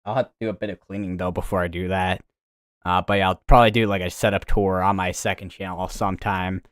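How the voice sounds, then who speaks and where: A man's voice: sits low, little pitch movement, fast, clear, resonant tone. A young man from the United States hosting a casual weather livestream from his room, rambling and correcting himself as he talks. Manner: rambling, chatty, self-correcting. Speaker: weather stream host. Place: home room with green screen.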